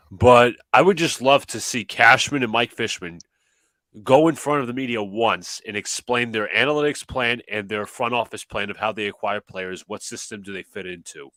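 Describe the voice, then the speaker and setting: A man's voice: mid-range voice, normal speed, bright, forceful tone, no room sound. A man co-hosting a sports call-in stream, ranting in frustration about his team's front office. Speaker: co-host. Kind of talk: casual sports call-in chat.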